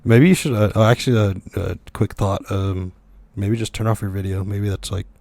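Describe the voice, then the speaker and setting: Low-voiced man, laughing animated podcast host. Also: moderate pace, vocal fry, dry recording. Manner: laughs often, animated storyteller. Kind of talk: casual podcast chat.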